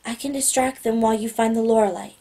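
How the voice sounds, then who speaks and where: A woman reading an audiobook, voicing an excitable young girl who whispers softly and fakes a high child's voice. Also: quick pace. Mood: excited whisper. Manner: soft whispering, turns into a high little-girl act. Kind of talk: audiobook character voice.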